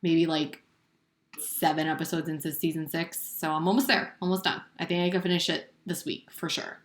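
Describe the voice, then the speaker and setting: A woman's voice: sits low, level tone, moderate pace. A woman co-hosting a casual chat podcast, talking loosely with lots of fillers and giggles. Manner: chatty, filler-heavy, giggly. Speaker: podcast co-host. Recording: roomy echo.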